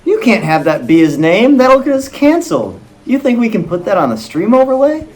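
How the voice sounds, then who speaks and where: A man playing a gushing, excitable studio exec. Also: sits high, fairly quick, voice pushed up. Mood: excited. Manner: excitable, gushing, jumps to conclusions. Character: eager, easily excited male studio executive. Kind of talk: comedy sketch dialogue.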